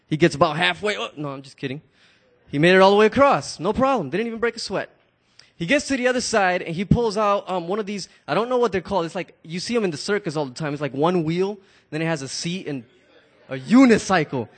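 A man with a high voice for his sex tells a story to a gathered audience in a loose, casual way. He often stammers, restarts and repeats words, and he speaks straight to his listeners.

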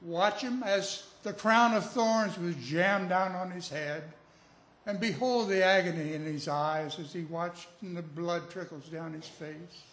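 A man's voice: high-pitched, unhurried, a bit bright. A man preaching a sermon, telling a story and building to emphatic, urgent appeals. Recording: echoey room.

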